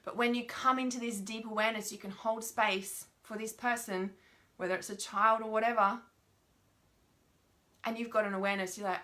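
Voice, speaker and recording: A young woman giving an informal spiritual teaching talk, frank and animated, swearing often and checking in with her listeners. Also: fairly high pitch, normal speed.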